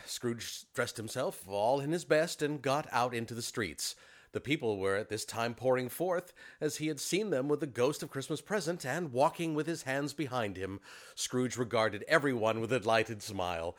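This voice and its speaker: A man narrating a classic story aloud with animated expression. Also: medium pitch, normal speed. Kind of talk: storybook reading.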